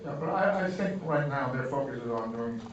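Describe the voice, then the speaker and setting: Older man telling stories in an echoey hall. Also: mid-range voice. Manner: animated, self-mocking, quick to laugh. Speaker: guest speaker at a screening Q&A. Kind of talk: storytelling anecdotes to an audience. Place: large hall before a live audience. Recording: echoey hall, distant, dull, noisy.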